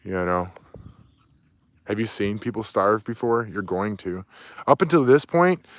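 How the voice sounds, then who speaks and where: A man's voice: on the low side, big pitch swings, unhurried, dry recording, clean studio sound. A man delivering an angry, profane, preachy rant outdoors. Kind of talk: ranting monologue. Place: outdoors near woods, with dog.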